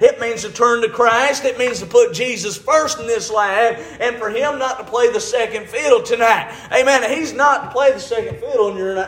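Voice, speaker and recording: A man's voice: very high voice, a bit bright. A man preaching a folksy, emphatic sermon, often saying "amen" and "all right.". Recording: echoey room.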